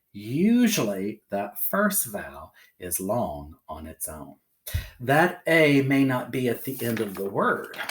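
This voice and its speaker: Male phonics teacher, patient and sing-song, lively pitch, sounds out letters slowly. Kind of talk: phonics lesson for children.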